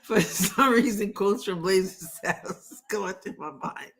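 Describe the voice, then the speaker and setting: Laughing, slow-talking woman streamer. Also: medium pitch, fairly bright tone, slightly rough. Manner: laughs often, sings playful call-and-response prayer lines. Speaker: live-stream host. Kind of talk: casual live-stream chat.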